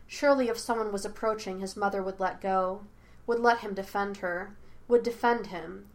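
This podfic reader narrates a fanfic audiobook in a mid-pitched female voice, keeping an even, measured pace while telling the story expressively.

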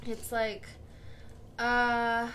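A young woman chats loosely on a podcast, full of fillers and quick giggles. Her voice sits high and sounds bright and sharp, with faint noise in the background. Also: completely flat delivery. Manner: giggly, rambling with many fillers. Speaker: podcast co-host. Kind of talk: casual chat.

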